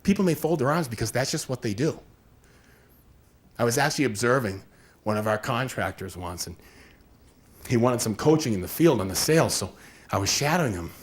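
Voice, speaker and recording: Lively man giving a workshop talk. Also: medium pitch, a little fast, long pauses. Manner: animated and conversational, acts out little scenes. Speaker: workshop presenter.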